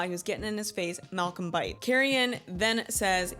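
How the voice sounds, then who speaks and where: Woman in her thirties, gossipy book recap host, mid-range voice, quiet music under her. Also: medium pitch, normal speed. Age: 30s. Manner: animated, gossipy, laughs often, acts out quotes.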